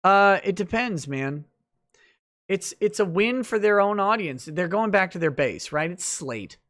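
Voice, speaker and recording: A man's voice: sits high, lively intonation, unhurried, a bit bright. A man hosting a late-night livestream, chatting loosely through viewer comments with lots of fillers and restarts.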